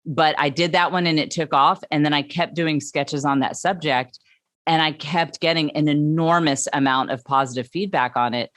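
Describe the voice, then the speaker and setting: A woman, a comedian guest telling stories in an animated, emphatic way. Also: low-pitched, moderate pace, dry recording. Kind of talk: casual interview chat.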